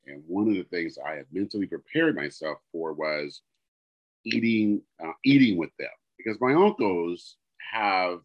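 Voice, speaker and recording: Deep-voiced man telling an exasperated story. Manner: animated, exasperated storytelling with quoted dialogue. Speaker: podcast co-host. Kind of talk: casual storytelling chat. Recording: dull lo-fi podcast audio.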